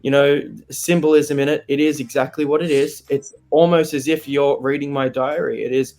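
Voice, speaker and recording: A young man with an Australian accent, talking openly and with feeling in an interview, animated and laughing easily. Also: fairly high pitch, normal speed. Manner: candid, animated, laughs often. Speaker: interviewee, singer. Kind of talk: open, emotional interview chat.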